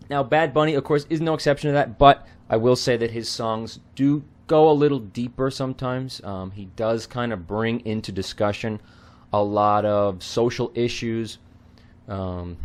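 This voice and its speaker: Slow, low-voiced man explaining lyrics. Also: a little mellow. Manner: unhurried, hesitant with frequent ums and throat clearing. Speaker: Spanish lyrics tutor. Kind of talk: explaining song lyrics line by line.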